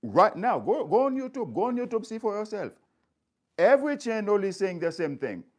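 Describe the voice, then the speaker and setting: Very animated and high-voiced, a Haitian man addresses his viewers with fervor at a moderate speed. He is a community speaker who emphasizes ideas by saying phrases again and again.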